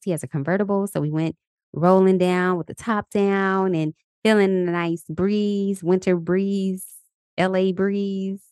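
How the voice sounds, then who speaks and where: This Los Angeles podcast host, a woman in her thirties, keeps her motivational show casual, chatty and upbeat, often laughing as she leads affirmations. She speaks at a mid-range pitch with a darkish tone. The studio sound is clean and carries no room sound.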